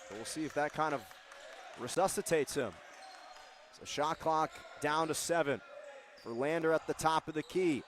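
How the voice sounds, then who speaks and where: A man giving live basketball play-by-play, calling plays quickly and shouting on the big moments. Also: a little high, a faint crowd, slight background noise. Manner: rapid calls that rise to shouts on big plays. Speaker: play-by-play announcer.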